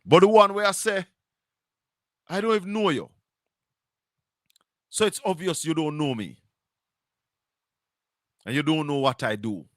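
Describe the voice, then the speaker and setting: A man's voice: a little high, pushed and bright, dry recording, clean studio sound. A man with a Jamaican accent hosting a livestream, delivering a preachy, emphatic monologue with scripture quotes. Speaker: show host.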